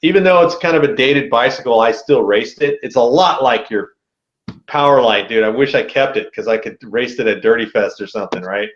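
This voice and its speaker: Animated man telling a story, roomy sound. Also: mid-range voice, fairly quick, dull audio. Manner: animated, slangy, says dude a lot. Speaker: podcast guest. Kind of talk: casual storytelling.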